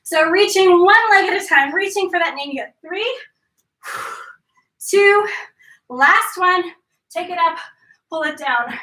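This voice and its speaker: A woman's voice: very high-pitched, animated, slow, pauses often, pushed and bright. A woman leading a live workout class, chatty and joking while she tells a story and counts reps aloud. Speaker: fitness instructor. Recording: echoey room, distant mic.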